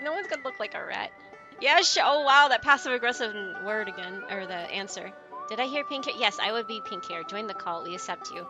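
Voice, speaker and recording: Chatty giggly streamer girl, kinda high voice, game music going behind her. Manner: chatty, giggly, tells anecdotes. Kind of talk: casual chat with stream viewers.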